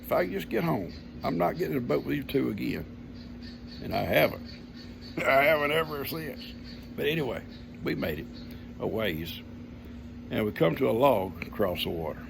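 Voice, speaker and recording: A man's voice: mid-range voice, expressive, moderate pace, gravelly, long pauses, background noise. An older man, telling a family story in a folksy, homespun way. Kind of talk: casual storytelling.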